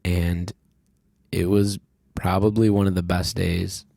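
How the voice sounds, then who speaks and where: A man's voice: low voice, little pitch movement, takes it slowly, creaky, mellow, no echo, clean studio sound. A man hosting a podcast, telling a childhood story in a rambling, candid way, swearing freely and leaning on fillers. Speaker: podcast host. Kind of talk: casual conversational storytelling.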